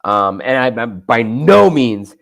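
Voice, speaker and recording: A man's voice: mid-range voice, sing-song, slow, vocal fry, fairly bright tone. Guy chatting, medium voice, kinda rambles and hunts for words. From Boston area. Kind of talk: casual chat.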